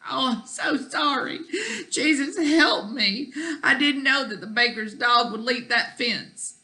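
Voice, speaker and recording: A woman's voice: high voice, slow, sharp tone, pitched above the performer's own voice, heavily acted. A woman reading aloud gives voice to a young boy, tearful and pleading for his dog.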